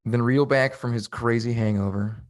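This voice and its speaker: A man's voice: medium pitch, fairly even intonation, normal speed, dry recording, clean studio sound. A man playing a tabletop game, animatedly describing his character's actions. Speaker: player.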